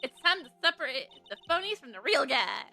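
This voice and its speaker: A young woman voicing a video game as she plays, giggly and animated. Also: sits high, fairly quick, gravelly, soft background music. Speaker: let's play voice actor.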